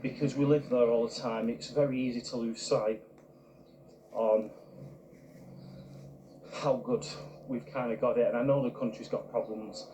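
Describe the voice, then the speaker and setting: A man tells a travel story to his camera in an earnest, reflective way. His voice sits at an ordinary middle pitch. The sound is roomy and open, with clear outdoor noise underneath. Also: steady tone, measured pace, long pauses. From United Kingdom. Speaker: travel vlogger. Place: outdoors in a park.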